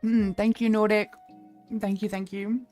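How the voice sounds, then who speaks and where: A woman's voice: medium pitch, level tone, measured pace, darkish tone, soft background music. A young Australian woman chatting casually on her livestream, playful, swearing freely and laughing often. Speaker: streamer.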